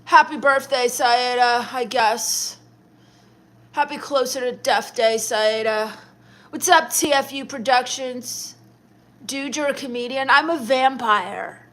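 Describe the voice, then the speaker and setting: A young woman hosting a livestream, reading viewer comments aloud in a deadpan, dismissive, sarcastic comedic manner. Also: a little high, slow pace. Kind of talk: in-character comedic livestream chat.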